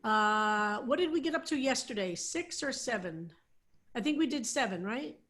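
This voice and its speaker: A woman rabbi teaching a psalm class over a video call, explaining slowly with many fillers and restarts. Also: on the high side, expressive, fairly bright tone.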